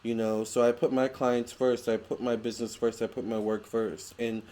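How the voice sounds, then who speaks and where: A man's voice: medium pitch, little pitch movement, moderate pace, dark tone. A young man vlogging in a chatty, gushing way, full of fillers and restarts. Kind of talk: casual storytelling vlog.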